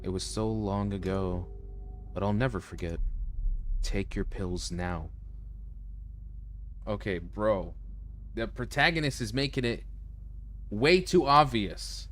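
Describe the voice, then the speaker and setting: A man's voice: fairly low pitch, takes it slowly, pauses often, a bit bright, slight background noise. A man streaming a horror game, reading its lines aloud with joking asides. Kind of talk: casual let's-play commentary.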